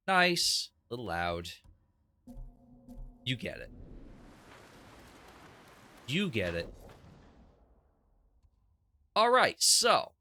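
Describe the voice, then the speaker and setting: A young game streamer comments casually on his own gameplay, chatty and opinionated, thinking aloud, judging what he sees and restarting his sentences. His voice is lowish and sharp, with no echo.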